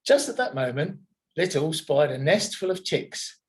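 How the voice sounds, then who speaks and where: A man, a teacher, reading a picture book aloud to children in an expressive storytelling manner. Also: fairly high pitch, measured pace.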